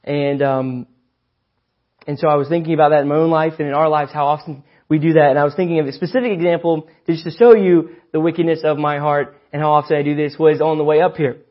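A man's voice: a little high, steady tone, quick pace. An earnest young man delivers a sermon in a slightly raised voice, leaning hard into the words he wants to land. The recording is somewhat dull and lo-fi. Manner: earnest, emphatic, rises to loud stresses. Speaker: preacher.

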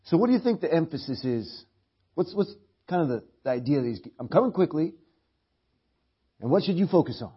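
A middle-aged man preaching a sermon in church, animated, often repeating words and clearing his throat, on a dull lo-fi recording. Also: on the high side, a little fast, pauses often.

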